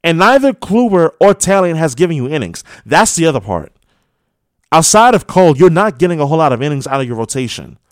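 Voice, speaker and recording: A man's voice: on the high side, very animated, brisk, no echo, studio quality. A man hosting a sports radio show, giving a heated opinion monologue full of scolding rhetorical questions. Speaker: radio host.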